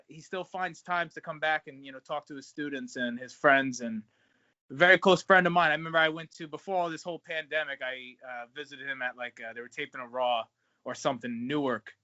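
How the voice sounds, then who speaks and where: A man's voice: on the high side, fairly even intonation, a little fast, sharp tone, dry recording. A man who wrestles, chatting casually in an interview, swearing freely and calling people man and bro, over a video call. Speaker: pro wrestler guest. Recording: dull lo-fi sound.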